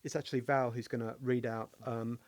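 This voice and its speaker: A man's voice: medium pitch, level tone, a little fast, a little mellow, no room sound. Man from England, podcast co-host, playful, jokey storyteller, dry recording. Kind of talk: casual philosophical chat.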